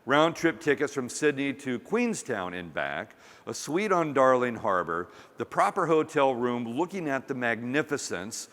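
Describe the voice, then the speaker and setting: Animated man speaking in a reverberant hall. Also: mid-range voice, unhurried. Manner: animated, humorous storytelling with acted quotes. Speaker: conference speaker. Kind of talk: storytelling keynote talk. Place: conference hall.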